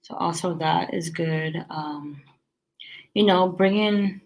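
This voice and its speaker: Low gravelly casual woman. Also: takes it slowly, darkish tone, rough recording. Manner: rambling, many fillers and restarts. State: tired, yawning. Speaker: restaurant owner giving business tips. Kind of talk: casual chat.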